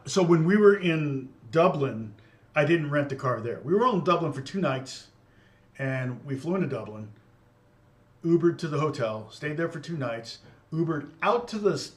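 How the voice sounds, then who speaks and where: A middle-aged man from Indiana chats loosely with his livestream audience and answers their comments as he goes. He rambles from thought to thought and chuckles often. His voice sits at an ordinary middle pitch. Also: a bit bright. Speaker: livestream host. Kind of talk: casual chat.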